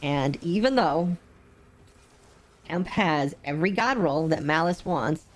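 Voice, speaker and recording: Low-voiced woman streaming a game. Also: animated, takes it slowly. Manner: rambling, frequent laughs and ums. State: unwell, low energy. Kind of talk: casual gameplay commentary.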